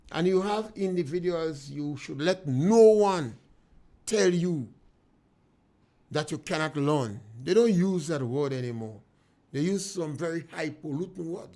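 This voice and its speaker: Grenadian male radio host, middle-aged, a little high-pitched, emphatic and preachy. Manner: emphatic, preachy, with swings of loudness. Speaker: radio talk show host. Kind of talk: opinionated radio talk monologue.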